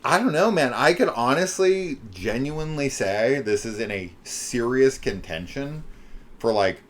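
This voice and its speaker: A man co-hosting a podcast, talking excitedly and with swearing in quick bursts about a film. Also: mid-range voice. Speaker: podcast co-host. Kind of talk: casual chat about a film.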